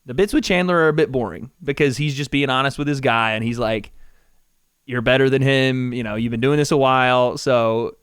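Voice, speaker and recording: Animated casual male podcast host. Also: medium pitch, brisk, smooth, dry recording, studio quality. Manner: animated, swears freely, does mocking impressions. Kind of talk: casual chat.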